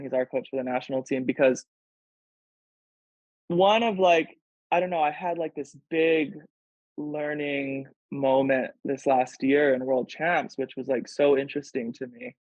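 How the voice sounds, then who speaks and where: With a darkish mid-range voice, a pro volleyball player guesting on a podcast speaks casually and earnestly, showing emotion and filling his speech with "like". The audio is dry and has a dull lo-fi quality.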